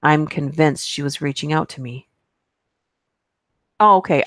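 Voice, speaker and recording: A woman's voice: sits low, unhurried, pauses often, a bit bright, dry recording, studio quality. A woman hosting a live stream, reading creepy stories aloud and chatting with asides between them. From United States. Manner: reads aloud with asides, laughs at herself.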